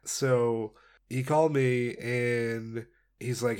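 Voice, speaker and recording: A man's voice: medium pitch, level tone, slow, a little mellow, clear, resonant tone. A young man telling stories on a casual solo podcast, rambling and laid-back, with many fillers, laughs and swearing. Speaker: podcast host.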